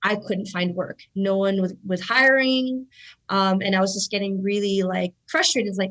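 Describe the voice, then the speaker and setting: A woman in her thirties, a guest telling stories in a chatty, animated way, full of "like" fillers. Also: mid-range voice, moderate pace, low-quality recording. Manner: animated, lots of "like" fillers, acts out quotes. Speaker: guest, jiu-jitsu black belt. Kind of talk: casual storytelling interview.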